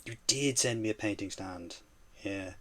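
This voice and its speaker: A man's voice: lowish voice, a little slow. A man streaming while he paints miniatures, chatting casually and teasing his viewers playfully.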